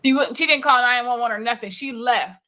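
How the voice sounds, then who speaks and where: Bright-voiced woman telling a story. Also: a little high, fairly quick. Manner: animated storyteller, acts out quoted voices. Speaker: podcast co-host. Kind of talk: casual chat.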